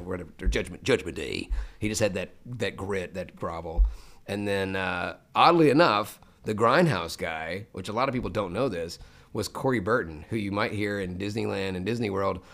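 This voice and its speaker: Brief: very low-voiced man from Memphis, lively storyteller, guest voice actor in a relaxed chat. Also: gravelly. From Memphis, Tennessee. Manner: animated storyteller who slips into voices. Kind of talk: casual interview chat.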